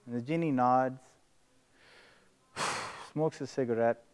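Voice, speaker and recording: A man giving a presentation on a stage, telling a casual, animated anecdote and joke. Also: medium pitch, slow pace, clean tone. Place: conference stage.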